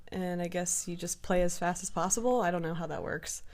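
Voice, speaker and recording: Animated woman telling a rowdy story. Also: lowish voice, a little fast. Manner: animated, profane storytelling with lively quoted voices. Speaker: storyteller on a podcast. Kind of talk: casual chat.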